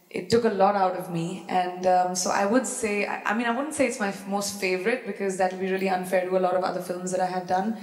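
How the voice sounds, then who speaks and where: A woman's voice: fairly low pitch, a little mellow. A woman in her thirties with an Indian English accent, answering audience questions on stage in a playful, teasing way that often breaks into laughter. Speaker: celebrity guest on stage. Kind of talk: live stage Q&A, casual and joking. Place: large event hall. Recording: echoey hall with long reverb.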